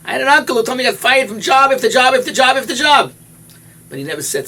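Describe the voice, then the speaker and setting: An older man with a New York accent giving a sermon as a rosh yeshiva, animated, swinging from loud exclamations to hushed asides and mixing in Yiddish and Hebrew words. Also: extremely high pitch, fast talker, creaky. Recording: distant mic with light background noise.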